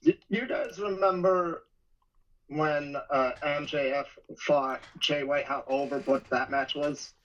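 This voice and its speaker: A man on a casual podcast panel, starting hesitantly and then speaking in quick bursts. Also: a little high, fairly even intonation, fairly bright tone, highs cut off.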